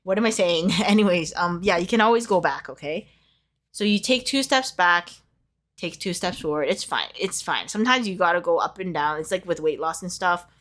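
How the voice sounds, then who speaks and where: A woman's voice: on the low side, animated, moderate pace, a bit bright. A young woman giving a casual tarot reading, talking in a heartfelt, emotional way with lots of fillers. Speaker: tarot reader.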